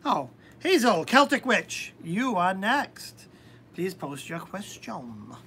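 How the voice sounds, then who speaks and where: A woman hosting a live-stream tarot reading, talking hesitantly with many pauses and ums. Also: mid-range voice, very animated, a bit bright, slight background noise.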